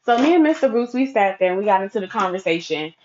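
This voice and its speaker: A woman's voice: medium pitch, expressive, quick pace, darkish tone, dull audio, slight background noise. A woman telling a candid, profane personal story in a casual monologue.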